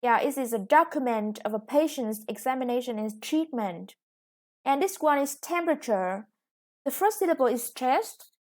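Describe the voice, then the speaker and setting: A woman with a Vietnamese accent teaching an online English lesson, explaining step by step with frequent "yeah" and "okay". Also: high-pitched.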